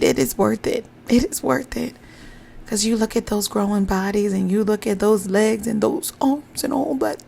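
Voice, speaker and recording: Gravelly-voiced woman giving encouraging affirmations. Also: medium pitch, darkish tone, slight background noise. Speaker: podcast host and pumping coach. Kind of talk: motivational affirmations podcast. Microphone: podcast microphone.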